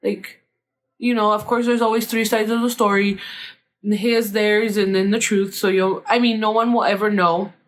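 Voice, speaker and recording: A woman's voice: medium pitch, flat delivery, normal speed. A woman podcast host casually retelling a story, rambling with lots of fillers and casual swearing.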